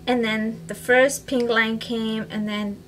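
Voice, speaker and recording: Chatty young woman, slightly high voice. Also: flat delivery, takes it slowly, a little hiss or hum, low-quality recording. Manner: chatty, fills speech with "like" and "you know"; switches into Spanish phrases. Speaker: vlogger. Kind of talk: casual storytelling to camera.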